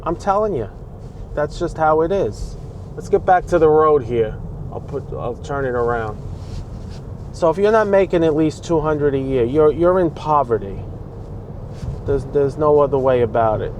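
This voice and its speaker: A man's voice: on the high side, animated, moderate pace, darkish tone. A man from the Bronx with a New York accent, ranting in a vlog while he drives and talking back at the traffic around him. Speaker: vlogger. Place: inside a car on city roads. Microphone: dash-mounted camera. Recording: faint road noise inside a car. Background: traffic and street noise.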